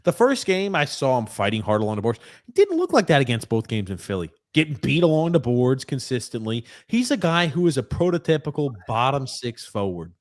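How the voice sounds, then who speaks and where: Guy hosting a sports podcast, swings his pitch around a lot, dry close sound. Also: a little fast, hardly any pauses, dry recording. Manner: animated, reads listener comments, swears casually. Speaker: podcast host. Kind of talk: casual sports chat.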